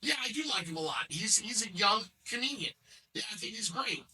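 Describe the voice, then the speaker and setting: Casual podcast host, forties, New Jersey accent, bright and eager, stumbles over his words, recorded from a distance. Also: high-pitched, expressive, fairly quick, husky. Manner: hesitant, repeats words, enthusiastic. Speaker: show host.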